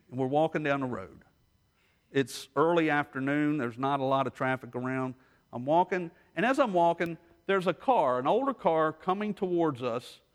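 A man preaching a sermon as pastor, telling stories and moving between hushed asides and rising intensity. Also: fairly high pitch. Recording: long hall reverb.

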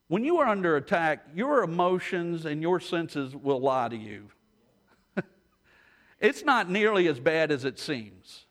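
A man's voice: a little high, very animated, measured pace. Storytelling preacher man, reverberant hall. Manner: storytelling preacher, swings between hushed and rising intensity. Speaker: pastor. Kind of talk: sermon.

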